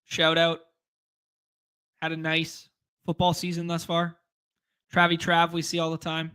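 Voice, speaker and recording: A man's voice: on the high side, monotone, a little slow, bright, forceful tone, clear, resonant tone. A man hosting a casual fantasy sports live stream, rambling and joking as he reads out chat comments and talks through picks. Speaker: fantasy sports podcast host.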